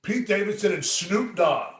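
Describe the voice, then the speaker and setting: Man, high voice, loose rambling talker who swears freely, picked up off-mic in a roomy space. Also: expressive, measured pace, distant mic. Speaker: podcast co-host. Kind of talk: casual chat. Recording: roomy echo, away from the mic.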